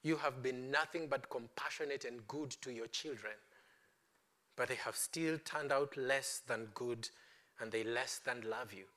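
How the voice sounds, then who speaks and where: A man preaching a sermon, passionately declaring, then dropping to hushed pleading with his congregation. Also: medium pitch, measured pace. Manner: impassioned, swings from loud declaring to hushed pleading.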